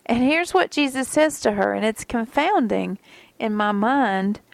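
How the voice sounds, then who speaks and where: A woman teaching from the Bible in a musing, conversational tone, sometimes sinking nearly to a whisper. Her voice has a gravelly edge, and the recording is dry and close with little room sound. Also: on the high side, animated, a little slow, no room sound.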